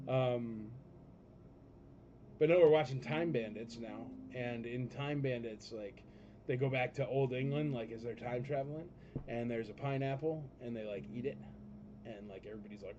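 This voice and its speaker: A man's voice: medium pitch, moderate pace, a little hiss or hum. A man hosting a live auction stream, rambling and joking with viewers between lots. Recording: dull lo-fi stream audio with loud music behind. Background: music.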